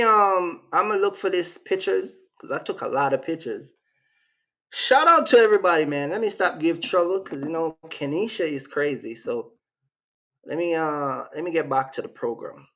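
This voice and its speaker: A man's voice: fairly high pitch, expressive, normal speed, a bit bright. A man from Jamaica with a Jamaican accent, hosting a casual livestream in a rambling, slangy way and reacting to his live chat. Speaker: channel host.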